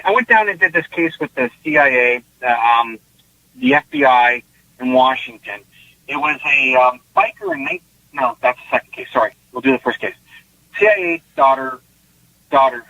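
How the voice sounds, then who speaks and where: Speaking at a medium pitch with a creaky voice, a psychic from Canada recounts a lengthy case in a relaxed interview. He gets animated, performs the quotes he repeats, and restarts himself, all over dull, lo-fi online call audio without echo.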